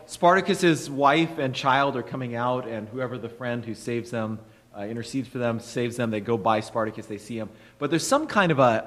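A man's voice: medium pitch, fairly bright tone. A man leading an evening Bible study in a church room, talking casually with many fillers and self-corrections, then reading scripture aloud.

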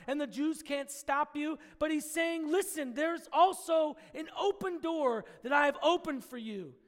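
A man with a very high voice preaches a sermon, swinging from loud emphatic bursts to quiet drops. He slips into casual asides and playful quoted voices. The sound carries a long reverb of a large hall. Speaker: pastor.

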